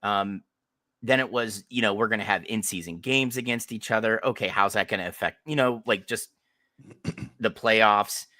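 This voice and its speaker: Low forceful man hosting a podcast. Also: moderate pace, no room sound, studio quality. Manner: forceful, sarcastic asides. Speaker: podcast host. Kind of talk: casual sports chat.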